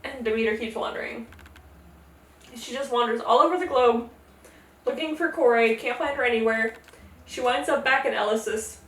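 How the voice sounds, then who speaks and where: A woman hosting a casual, jokey retelling of a myth, slipping into quick character voices. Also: a little high, fairly bright tone, reverberant, far from the mic. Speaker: podcast host. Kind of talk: casual tipsy mythology retelling.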